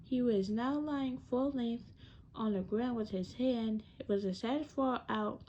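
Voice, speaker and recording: A woman reading a children's novel aloud, slowly and haltingly, often stumbling and restarting her words. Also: a little high, dark tone, muffled recording, a little hiss or hum. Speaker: reader.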